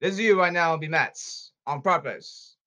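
Ranting angrily at the camera, a man repeats himself in emphatic outbursts throughout the monologue. He has a fairly high, bright, forceful voice and speaks at a normal speed.

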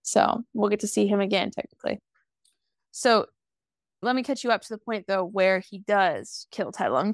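A woman's voice: medium pitch, dry recording, clean studio sound. Sassy twenties woman recapping a movie. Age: 20s. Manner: sassy, swears freely, acts out lines in quick voices. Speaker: podcast co-host. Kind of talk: casual movie recap chat.

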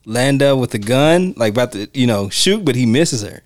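A man's voice: mid-range voice, animated, moderate pace, no echo, studio quality. A man hosting a podcast, chatting casually about films in an easygoing way, often laughing and groping for names. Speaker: podcast host. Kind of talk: casual film commentary chat.

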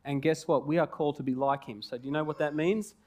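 A male preacher in his forties delivers a sermon with a light, joking manner and plenty of rhetorical questions. His voice sits a little higher than most men's, and he talks like he is chatting with the congregation rather than reading a text. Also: quick pace. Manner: animated, jokey and conversational.

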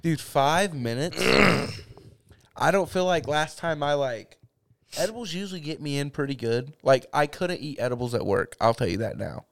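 A man co-hosting a casual podcast, loud and excitable, swearing a lot as he chats at home. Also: on the high side, normal speed, creaky. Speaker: podcast co-host. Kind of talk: casual stoner chat. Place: home room.

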